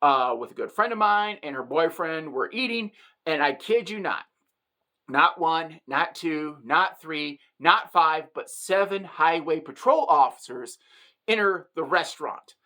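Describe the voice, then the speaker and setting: Bright, animated woman telling a story. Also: low voice, unhurried. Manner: animated, emphatic, joking. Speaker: vlogger. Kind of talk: comic storytelling monologue.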